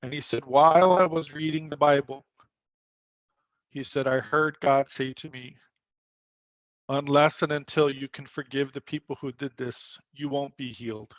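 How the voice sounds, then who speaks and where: A man's voice: medium pitch, fairly even intonation, normal speed, dry recording, highs cut off. A man leading a spiritual workshop over a video call, telling a story earnestly and quoting the people in it. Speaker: workshop leader.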